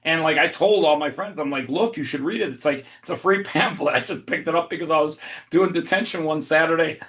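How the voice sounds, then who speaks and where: Animated, swearing man telling a story. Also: a little high, fairly quick. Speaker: podcast guest. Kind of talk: casual storytelling.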